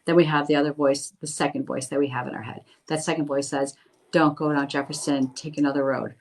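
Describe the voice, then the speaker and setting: A woman's voice: deep voice, flat delivery, brisk, low-quality recording. A middle-aged woman, a medium, chatting casually on a phone livestream, reading viewer comments aloud and reassuring them. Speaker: medium doing live readings.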